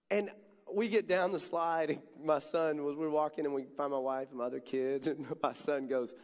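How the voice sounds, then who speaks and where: A high-pitched man in his thirties speaks to a student crowd, animated and chatty, leaning into every story. His voice carries a long, echoing reverb from a large hall. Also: normal speed. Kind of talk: storytelling sermon.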